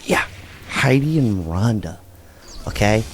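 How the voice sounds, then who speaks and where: A middle-aged man with a lowish voice gives loose, animated commentary as a video host. He is blunt and swears now and then, and a faint hiss sits under his talk. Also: moderate pace. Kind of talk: casual reaction commentary.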